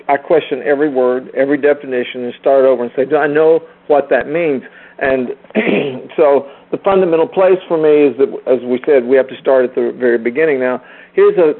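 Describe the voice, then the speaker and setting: A man in his sixties teaching a group on a phone call, earnest and emphatic, repeating key phrases for weight. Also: medium pitch. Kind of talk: informal teaching talk. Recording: tinny phone line.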